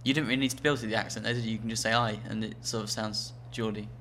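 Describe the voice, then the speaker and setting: A man's voice: lowish voice, fairly even intonation, very fast, fairly bright tone, a little hiss or hum. A man co-hosting a podcast, reading listener emails aloud with dry, wry humour. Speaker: podcast co-host. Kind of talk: casual comedic chat.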